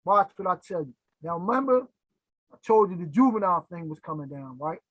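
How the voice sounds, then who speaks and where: A middle-aged man from Philadelphia spins stories in a casual interview, lively and playing out every voice he quotes. His voice is husky and the room sounds dry and close, with no echo around him. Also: high voice, fairly quick. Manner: animated, acts out quoted voices, keeps checking in with "right?". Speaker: interview guest. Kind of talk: casual storytelling.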